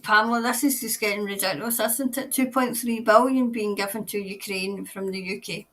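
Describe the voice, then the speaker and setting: A woman's voice: medium pitch, steady tone, brisk, a bit bright, far from the mic. A Scottish woman hosting a casual live stream as a tarot reader, chatting loosely, laughing often and greeting viewers by name. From Scotland.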